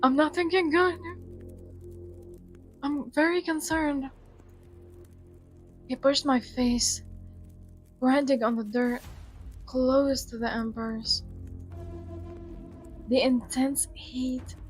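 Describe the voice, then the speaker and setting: Woman, high voice, unhurried, dramatic reading with joking asides, faint music behind. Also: steady tone. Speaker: gaming YouTuber. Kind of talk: reading a visual novel aloud with reactions.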